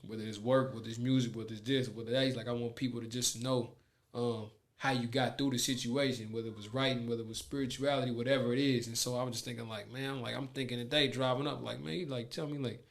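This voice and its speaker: A man's voice: mid-range voice, steady tone, fast talker, vocal fry. A man talking in a laid-back, rambling way with heavy slang, in a casual conversation on a podcast.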